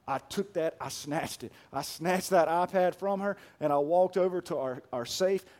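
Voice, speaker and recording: A pastor in his thirties preaching a sermon, emphatic and deliberate, then soft and hushed as he tells a personal story. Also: on the high side.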